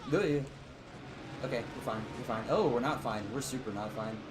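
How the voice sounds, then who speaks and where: A man's voice: mid-range voice, brisk, noisy background. A young man streaming casual live gameplay commentary, rambling and joking as he chats with his viewers.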